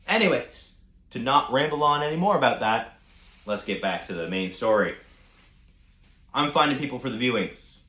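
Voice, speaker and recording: A man telling a casual storytime rant, animated, mocking and full of profanity. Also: medium pitch, roomy sound. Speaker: storytime vlogger.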